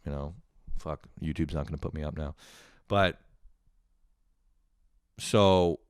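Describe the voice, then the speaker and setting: A man hosting a casual comedic solo rant, excitable and profane, laughing often and buzzing on coffee. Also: extremely low pitch, slow pace, clear, resonant tone, no room sound, studio quality. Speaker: host.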